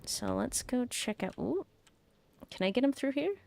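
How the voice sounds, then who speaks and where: A woman's voice: sits high, big pitch swings, moderate pace, vocal fry, a little mellow, no echo. A woman streamer giving casual game commentary with chatty, giggly asides.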